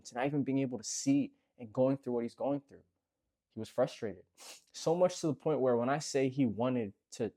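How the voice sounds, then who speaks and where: A Bible storyteller with a warm, mid-range voice retells a scripture story in an earnest, conversational way. He often speaks straight to the listener and repeats himself for emphasis.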